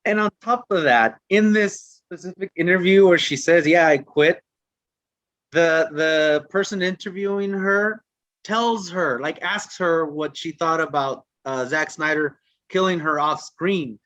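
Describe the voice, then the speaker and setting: A man's voice: on the high side, measured pace, a bit bright, dry recording, dull audio. A man co-hosting a podcast in casual chat, retelling stories in a chatty, profane way. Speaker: podcast co-host.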